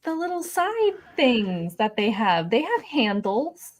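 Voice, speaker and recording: Slow-talking giggly woman livestream host. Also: fairly high pitch, sing-song. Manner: giggly, chatty, often laughing. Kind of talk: casual livestream chat. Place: home.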